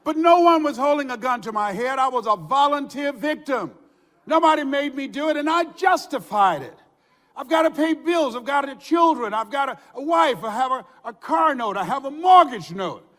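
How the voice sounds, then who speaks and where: An older man giving a motivational speech, telling stories with shouts and laughter. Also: very high-pitched, normal speed. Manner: animated storytelling with shouts and laughs. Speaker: motivational speaker. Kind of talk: motivational speech to a live audience. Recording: hall reverb.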